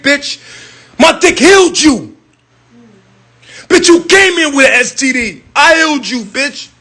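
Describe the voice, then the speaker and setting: A man in an emotional rant, furious and tearful, shouting profanity. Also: very high-pitched.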